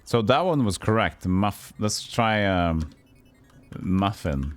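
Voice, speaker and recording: A man's voice: fairly low pitch, lively intonation, slow, no echo, faint music behind. A man streaming a retro game, reading and puzzling aloud, swearing freely. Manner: swears, plays silly voices. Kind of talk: casual game commentary.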